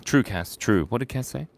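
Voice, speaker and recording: A man's voice: mid-range voice, sing-song, a little slow, creaky. A man hosting a live drawing stream, joking playfully and narrating each stroke as he draws viewers' ideas. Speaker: livestream drawing host.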